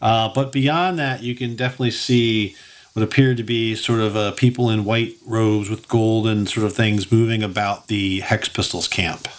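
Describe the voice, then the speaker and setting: A man's voice: lowish voice, steady tone, normal speed. A man narrating a tabletop game as game master, rambling with many fillers and amused.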